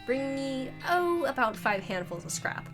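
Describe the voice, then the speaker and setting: A woman's voice: high-pitched, big pitch swings, a little slow, over music, voice pushed up. A woman reading the lines of an eager male tinkerer scientist aloud from a game, in a plain explaining voice.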